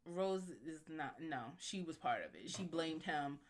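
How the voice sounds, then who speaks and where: A woman co-hosting a podcast in casual chat, animated, blunt and opinionated. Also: deep voice, a little slow. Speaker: podcast co-host.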